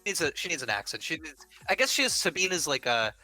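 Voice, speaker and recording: A man's voice: a little high, very animated, fast talker, pushed and bright, faint music behind, rough recording. A man playing a tabletop game who stammers and apologizes a lot. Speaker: player. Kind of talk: casual tabletop game chat.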